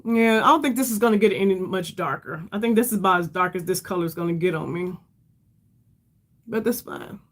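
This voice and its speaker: A woman's voice: lowish voice, a little fast, fairly bright tone. A middle-aged woman hosting a casual makeup livestream, chatty and rambling, calling her viewers "y'all" and sounding tired. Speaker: beauty livestream host.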